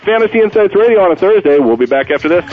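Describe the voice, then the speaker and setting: A man hosting a sports talk radio show, rambling through stories and blunt opinions in an animated, storytelling way. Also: sits high, very fast, over music. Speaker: radio host. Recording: tinny phone-like radio audio, dry.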